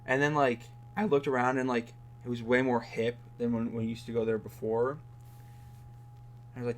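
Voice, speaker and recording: A man's voice: medium pitch, little pitch movement, moderate pace, a little hiss or hum. Young man in his 20s, podcast co-host, sardonic, chatty, rambling. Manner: sardonic, rambling, heavy use of "like". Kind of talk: casual chat.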